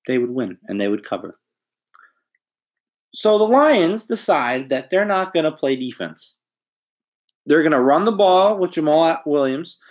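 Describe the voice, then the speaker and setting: Young guy cussing up a storm about a lost bet, voice jumping all over the place. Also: mid-range voice. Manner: angry, profane ranting, fast run-on storytelling. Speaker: podcast co-host. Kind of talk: casual sports betting rant.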